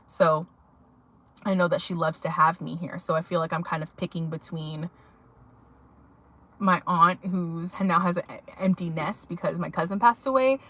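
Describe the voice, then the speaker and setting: Young woman, slightly low voice, rambling chatty vlog talk, lots of fillers. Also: moderate pace, long pauses, a bit bright. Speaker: vlogger. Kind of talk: casual chat to viewers.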